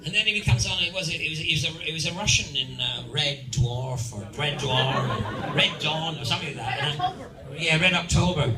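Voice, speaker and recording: A man's voice: high voice, big pitch swings, normal speed, recorded from a distance. An older man with a Scottish accent, a convention panel guest telling playful stories with laughing asides. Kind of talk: anecdotal storytelling to an audience. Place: large convention hall. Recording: echoey hall with crowd.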